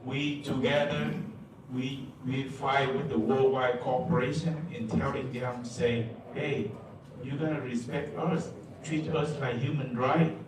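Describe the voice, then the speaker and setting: A man giving a public comment at a meeting. He speaks in halting, repetitive broken English, stumbling over his words. His voice comes from far off in a big echoey hall with steady noise underneath. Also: mid-range voice.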